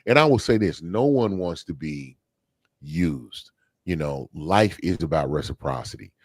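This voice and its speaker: A man's voice: sits low, sing-song, measured pace, creaky, husky, no room sound. A man co-hosting a podcast, talking things through in a casual, thoughtful way with fillers and restarts. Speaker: podcast co-host. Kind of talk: casual discussion.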